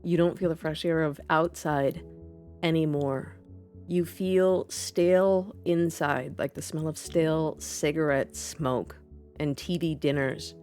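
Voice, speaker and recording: A woman's voice: sits low, fairly even intonation, slow pace, darkish tone, soft background music. A woman narrating a tabletop game as game master, describing scenes vividly in the second person.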